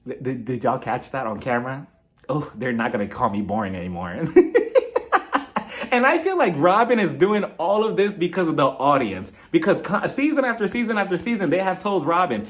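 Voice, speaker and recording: A young man with a high, very lively voice, talking through a reality show episode in a casual, sassy way. He swings his pitch all over the place, acts out what the cast members say, and chuckles as he goes. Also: a little fast. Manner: animated, acts out the cast's lines in quotes; chuckles often, playful and sassy. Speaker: reality TV recap vlogger. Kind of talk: casual episode review commentary.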